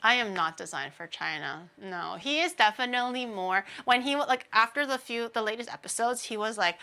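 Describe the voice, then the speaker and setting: Vtuber girl rambling on stream, bright sharp voice, laughs a lot, does little impressions. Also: fairly high pitch, fairly quick, hardly any pauses. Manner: animated storytelling, laughs often, mimics people. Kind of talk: casual stream chat.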